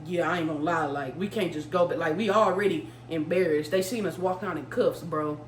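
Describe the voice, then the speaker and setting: A woman voicing her teenage girl friend, who is scheming and unbothered, in a low, quiet, matter-of-fact way. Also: a little fast, echoey room, recorded from a distance, slight background noise, natural voice. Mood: casual.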